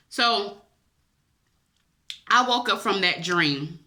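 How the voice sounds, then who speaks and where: A woman's voice: mid-range voice, animated, slow, long pauses, pushed and bright. A woman vlogger, emotional and chatty, tells viewers a personal dream story, teary-eyed and calling them y'all.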